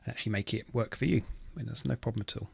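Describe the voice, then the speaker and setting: A man with a medium-pitched, slightly rough voice and vocal fry races through a casual screen-recorded tech tutorial. An automation engineer, he's relaxed and thinks aloud while typing at his computer.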